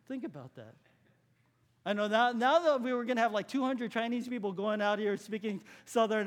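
A man from California, preaching a sermon in a conversational way, asking his listeners questions and dropping to a hush for key points. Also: high voice, expressive, moderate pace. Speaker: pastor.

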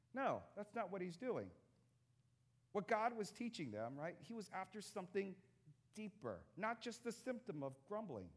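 Animated male pastor preaching casually. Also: high voice, normal speed. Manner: conversational, joking with the congregation. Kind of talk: sermon.

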